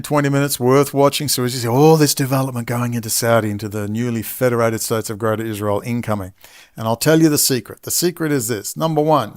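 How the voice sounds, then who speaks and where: A man ranting as a commentator in an angry monologue, swearing and saying he is exhausted. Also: medium pitch. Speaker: political commentator.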